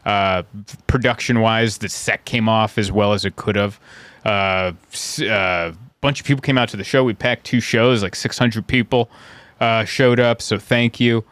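A man's voice: unhurried, dry recording. Dry-sounding man telling road stories. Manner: animated, acts out characters in high voices. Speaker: stand-up comedian, podcast host. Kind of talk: casual storytelling chat.

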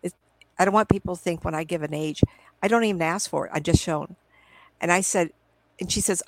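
A middle-aged psychic medium rambles through a live video interview on a computer call, telling casual stories and quoting her own past conversations. Her voice is fairly low and fairly quick, broken by long pauses, with no echo but poor audio quality.

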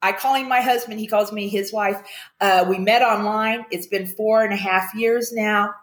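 An older woman chatting upbeat on a video call, telling stories with animated quotes. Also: mid-range voice, moderate pace, reverberant. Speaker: guest, commercial actress. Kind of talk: casual chat on a video call.

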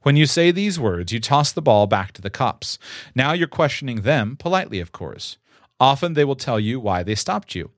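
A man's voice: medium pitch, sing-song, normal speed, dry recording, studio quality. A young man who reads a guide aloud and adds his own earnest, emphatic advice, stressing the key words. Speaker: instructor giving advice. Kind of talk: reading a guide aloud with commentary.

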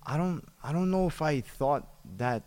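A man's voice: fairly high pitch, normal speed, a little mellow, smooth. A man, a professional fighter, talking reflectively in a podcast chat, with many restarts and repeated phrases.

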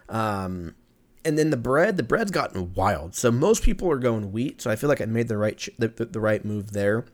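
A man's voice: lowish voice, normal speed. A young man hosting a podcast, ranting casually with profanity, jokes and frequent laughter. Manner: profane, joking, animated, laughs often. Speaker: podcast host. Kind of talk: casual solo podcast rant.

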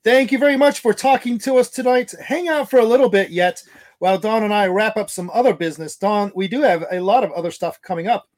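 A man's voice: high-pitched, fast. A man co-hosting a podcast in casual chat, joking and teasing his co-host.

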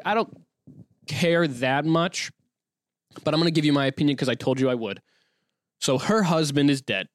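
A man's voice: fairly high pitch, no echo, clean studio sound. A male podcast host in casual solo chat, rambling and sarcastic, swearing often and breaking off his own reading to comment.

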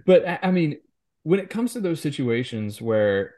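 A man co-hosting a high school sports podcast, chatting casually and often restarting his sentences. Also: sing-song, dark tone. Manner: halting, with many restarts and repeated words.

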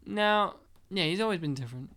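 A man's voice: sits high, expressive, a little fast, a crowd in the background. A man co-hosting a casual movie commentary podcast, full of crude jokes and frequent laughter. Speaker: podcast co-host.

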